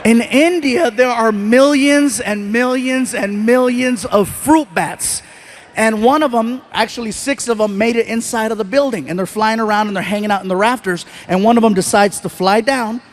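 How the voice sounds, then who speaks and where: A middle-aged male stand-up comic tells a story into a handheld mic on a theater stage, with a faint live crowd under him. His voice sits very high for a man, and he stays animated, slipping into character voices and laughing at his own jokes. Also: normal speed, slight background noise. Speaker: stand-up comedian.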